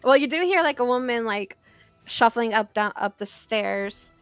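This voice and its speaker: A woman's voice: on the high side, animated, moderate pace, no room sound, muffled recording, soft background music. A woman running a tabletop game as game master, narrating casually with lots of "like" fillers.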